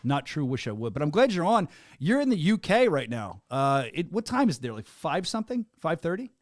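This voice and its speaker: A man hosting a fight podcast, rattling along at a quick clip in a fairly high voice. He talks with rambling, excitable hype-man energy. The sound is dry and close, with no room echo. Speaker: podcast host and venue announcer. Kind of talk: casual interview chat.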